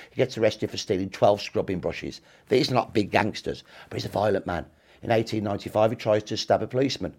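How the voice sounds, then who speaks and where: A man's voice: lowish voice, a little mellow, slightly rough. A man in his sixties, a historian guest telling history in emphatic, punchy short clauses during an interview.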